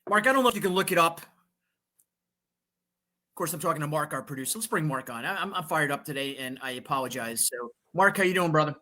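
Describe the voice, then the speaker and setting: A man's voice: on the high side, expressive, fast, pushed and bright. A man hosting a political talk show, fired up and emphatic, repeating phrases and restarting his sentences. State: fired up on coffee.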